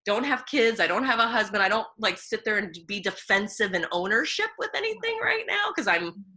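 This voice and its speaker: A woman nutritionist talking in a casual interview, bubbly and animated, laughing often between thoughts. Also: mid-range voice, a little fast.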